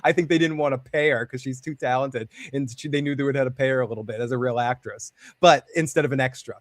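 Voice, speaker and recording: A man hosting a live show from a warm room at home, joking and animated, with a close mic. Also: medium pitch, fast, no echo. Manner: joking, animated, quotes characters in put-on voices. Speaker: host. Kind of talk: casual live show chat.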